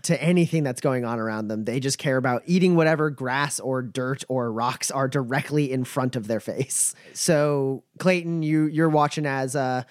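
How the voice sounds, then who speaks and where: Game master, man, halting delivery with many fillers, dry close sound. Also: medium pitch, dry recording. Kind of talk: narrating a tabletop game.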